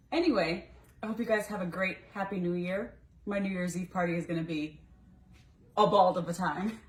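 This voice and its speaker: A woman's voice: fairly low pitch, husky. A woman, a life coach, candidly telling a personal story to her viewers in a conversational way with many fillers. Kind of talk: casual personal storytelling to camera.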